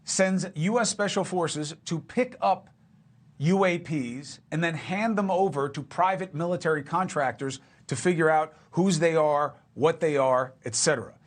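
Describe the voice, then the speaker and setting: A man's voice: fairly high pitch, unhurried. A man hosting a cable news interview, asking punchy, emphatic questions. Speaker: TV news host.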